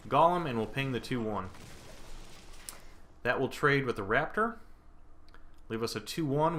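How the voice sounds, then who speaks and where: Speaking in a fairly low, bright, forceful voice with a little hiss or hum, this young gameplay commentator talks through his card game as he plays. He wavers between moves, thinking aloud in mock panic, while planes fly over his indoor room at home.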